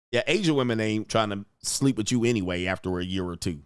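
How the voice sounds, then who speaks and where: A man with a fairly low-pitched voice hosts a livestream, ranting crudely and rambling in a casual way, with "all right" constantly filling the gaps between points. Slight background noise can be heard.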